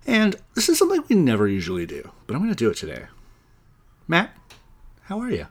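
A man hosting a comedy podcast with playful, jokey deadpan banter. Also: fairly high pitch, fairly quick, husky. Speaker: podcast host.

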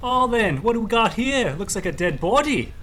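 A man's voice: sits high, big pitch swings, moderate pace, fairly bright tone, slight background noise. A man voicing a boastful, self-styled noble Victorian detective with a pompous manner. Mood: jaunty. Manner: pompous, blustering.

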